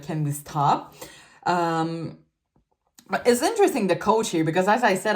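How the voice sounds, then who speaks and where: Chatty woman, lowish voice. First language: French. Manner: chatty and giggly, loose filler-heavy talk. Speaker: tarot reader. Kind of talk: casual tarot reading.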